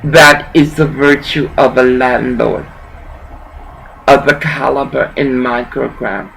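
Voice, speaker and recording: Older lady ranting on her vlog, gravelly low-ish voice, drags every word out, rambles all over the place. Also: steady tone, slow, fairly bright tone, a little hiss or hum, rough recording. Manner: rambling, profane, drops into Spanish words.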